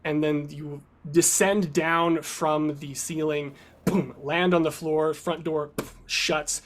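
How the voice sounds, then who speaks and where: A man's voice: a little high, steady tone, takes it slowly. A man narrating a tabletop game as game master, with loose, filler-heavy narration.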